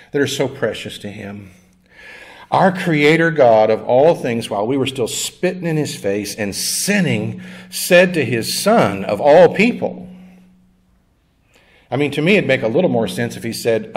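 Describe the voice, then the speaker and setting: A man's voice: medium pitch, animated, unhurried. A male pastor giving a conversational sermon in a church, with jokes and call-and-response with the congregation. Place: church sanctuary.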